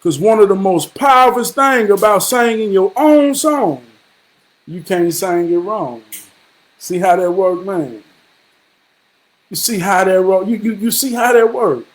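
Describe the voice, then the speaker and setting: A man's voice: high voice, expressive, measured pace. A man casually telling a story to his viewers in a rambling, repetitive and profane way, slipping into preachy advice. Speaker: vlogger.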